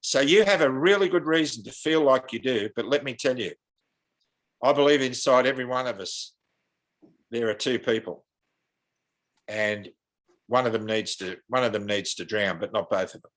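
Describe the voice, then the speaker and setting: Australian man, earnest, impassioned, preacherly, mid-pitched voice. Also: moderate pace, pauses often, a bit bright. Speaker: guest. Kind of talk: earnest podcast interview.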